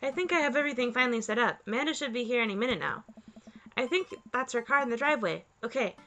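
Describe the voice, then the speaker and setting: A woman playing and reading a dating game aloud for her video channel, excitable and quick to shriek with delight. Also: a little high, lo-fi sound, slight background noise. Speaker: gaming video host. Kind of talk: let's play commentary and reading game text.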